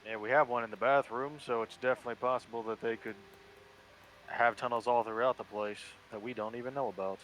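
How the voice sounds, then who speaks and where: A man playing a tabletop game with friends, animated and quick to swear. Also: mid-range voice, slight background noise, low-quality recording. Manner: animated, swears, shouts in character. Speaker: player. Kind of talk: casual tabletop play.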